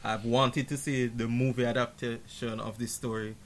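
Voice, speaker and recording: A man's voice: mid-range voice, little pitch movement, moderate pace, slight background noise. Man rambling about a film on a podcast. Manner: rambling, jokey, shouts in mock outrage. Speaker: podcast co-host reviewing a film. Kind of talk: casual movie podcast chat.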